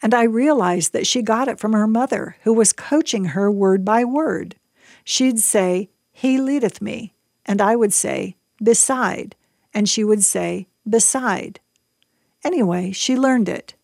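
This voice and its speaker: A woman reading a Christian book aloud on a radio program, in a measured, earnest way. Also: medium pitch, creaky, a little mellow, no room sound, clean studio sound. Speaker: book reader.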